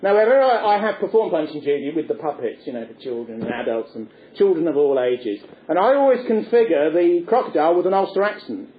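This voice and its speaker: A man telling a lively, theatrical anecdote as a speaker, chuckling as he goes. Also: fairly high pitch, fast, few pauses, a little hiss or hum. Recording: echoey, phone-like lecture recording.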